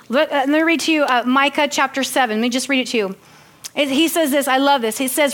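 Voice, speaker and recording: A woman's voice: sits high, brisk, fairly bright tone. A woman preaching a sermon, reading scripture earnestly and breaking into chatty, laughing asides.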